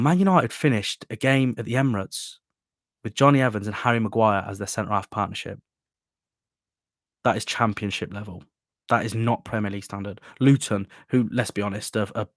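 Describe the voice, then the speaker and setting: A man's voice: mid-range voice, no echo, clean studio sound. A man hosting a live football fan show, talking passionately and opinionatedly, with rambling asides.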